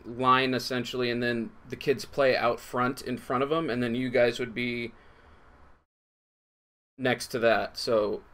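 A man narrating as game master of a tabletop game, in a halting way full of fillers and restarts. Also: mid-range voice, little pitch movement, fairly bright tone.

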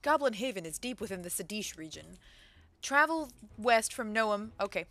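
A woman streaming a video game, chatting casually, laughing often and reacting excitedly to what she finds. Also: medium pitch, moderate pace, dry recording. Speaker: gaming streamer. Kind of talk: casual let's-play commentary.

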